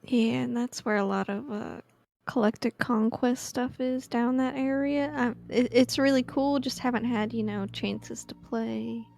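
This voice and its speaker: Hesitant woman with a gravelly voice. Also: fairly high pitch, steady tone, unhurried, darkish tone, soft background music. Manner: hesitant, many fillers. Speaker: player.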